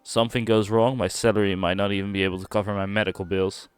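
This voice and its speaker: A man's voice: lowish voice, little pitch movement, quick pace, clear, resonant tone, faint music behind, close to an everyday voice. A man reading game dialogue aloud, voicing a grumbling young male rookie agent in a put-on accent. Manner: put-on accent, slangy complaining.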